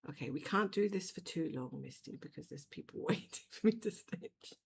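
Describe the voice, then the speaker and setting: A woman's voice: low-pitched, animated, normal speed, gravelly, slight background noise. A middle-aged woman on a home cross-stitch livestream, chatting bluntly and fussing over her cat. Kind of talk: casual chat while stitching. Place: home room.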